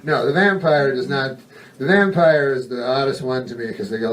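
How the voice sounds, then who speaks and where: A man doing a stand-up comedy monologue on a club stage, delivered in a deadpan, rambling and profane style with halting asides. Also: mid-range voice. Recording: distant mic, noisy live recording.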